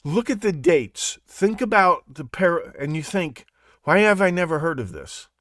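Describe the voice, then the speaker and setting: A man hosting a live podcast, talking in a rambling, animated monologue full of restarts and asides. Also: a little high, unhurried, no room sound, studio quality. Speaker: podcast host. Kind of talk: casual monologue on a live show.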